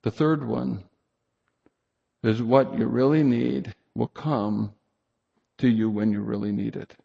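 A man's voice: medium pitch, steady tone, slow, gravelly, in a large hall, dull audio. A middle-aged man preaching a sermon, speaking earnestly and directly to his congregation and leaning hard on scripture. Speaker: pastor.

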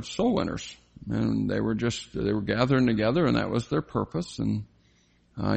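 An older man giving a reflective personal faith testimony, telling his story slowly with frequent pauses and fillers. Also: mid-range voice, creaky, a little mellow. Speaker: testimony speaker.

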